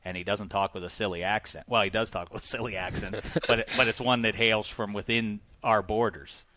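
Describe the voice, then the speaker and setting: A man hosting a casual football talk show in a studio, boisterous and jokey, often swinging loud. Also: lowish voice, steady tone, brisk, a little hiss or hum. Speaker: podcast host.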